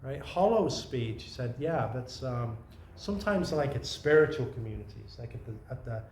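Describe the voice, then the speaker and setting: A man's voice: mid-range voice, expressive, normal speed, slight background noise. A man giving an informal dharma talk as a Zen teacher, meandering and conversational, often restarting his sentences. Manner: meandering, conversational, many restarts and soft asides. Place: meditation retreat room. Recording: roomy echo with faint ambience.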